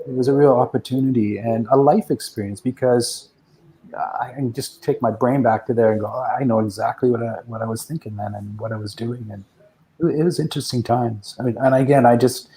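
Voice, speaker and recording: A man in his sixties, a guest musician telling rambling, reflective anecdotes with soft chuckles in a casual interview. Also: medium pitch, rough recording.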